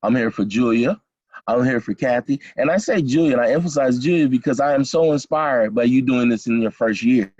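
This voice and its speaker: A middle-aged college program instructor leads an online class over a video call, encouraging students and repeating himself with many fillers. His mid-range, slightly mellow voice moves fairly quickly with few pauses, and the dull, lo-fi audio has no echo.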